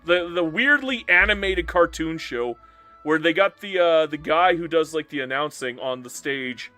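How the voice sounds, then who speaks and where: A man's voice: on the high side, normal speed, bright, forceful tone, soft background music. A man live-streaming a strategy game and bantering playfully with his chat as he reads their messages aloud.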